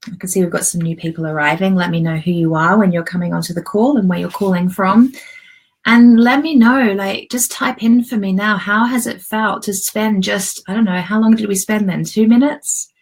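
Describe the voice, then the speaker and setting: A middle-aged woman coaching a live group video call, guiding a visualization softly and gently, tearful and pausing often. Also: medium pitch, fairly even intonation, low-quality recording.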